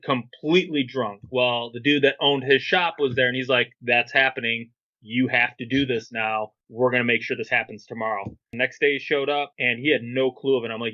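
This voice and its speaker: A man chatting loosely on a podcast, with a bright, forceful voice. He swears, drops slang and acts out what people said. The audio is a bit dull and lo-fi. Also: mid-range voice, steady tone, brisk. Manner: laid-back, swears, slangy, acts out quotes. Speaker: guest, clothing brand owner. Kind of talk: casual storytelling interview.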